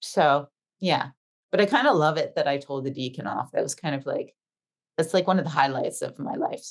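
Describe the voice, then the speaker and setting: A middle-aged woman with a somewhat low-pitched voice tells a long personal story in relaxed podcast chat. She slips into the voices of the people she quotes and gives her retelling plenty of animation. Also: normal speed. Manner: animated storyteller acting out dialogue. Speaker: podcast co-host. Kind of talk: casual chat.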